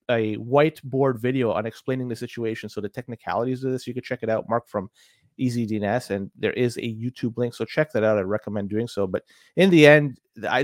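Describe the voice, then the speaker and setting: A man co-hosting a podcast, explaining tech security news in a casual, halting way with frequent restarts. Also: medium pitch, no room sound. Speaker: podcast co-host.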